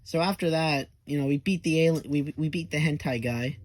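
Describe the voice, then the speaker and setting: A man's voice: on the high side, brisk, dry recording. A young man telling an absurd comedic story, rambling, with lots of fillers and swearing. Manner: absurd tall tale told half-seriously.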